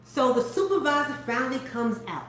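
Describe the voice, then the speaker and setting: A woman hosting a faith-based chat, telling a story with animated delivery and acting out the people in it. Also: sits high, a little fast, slight background noise. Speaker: host. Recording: echoey room.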